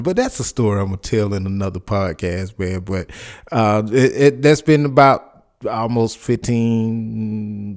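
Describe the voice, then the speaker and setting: A man's voice: fairly low pitch, darkish tone. Forties guy rambling on his podcast, casual storytelling, keeps restarting sentences. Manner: rambling, loose and conversational, with many restarts. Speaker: podcast host. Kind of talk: casual commentary and personal storytelling.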